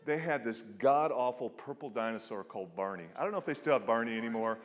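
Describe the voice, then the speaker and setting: Middle-aged male pastor, animated sermon, hall reverb. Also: fast talker. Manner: animated storytelling, acts out quotes with big pitch jumps.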